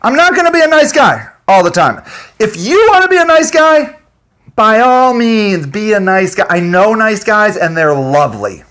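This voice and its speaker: A man rants with agitation and plenty of swearing, chuckling between his points. His voice sits high and leaps around in pitch as he goes. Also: very animated, moderate pace, fairly bright tone. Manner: profane, agitated, laughing between lines. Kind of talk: unscripted ranting monologue.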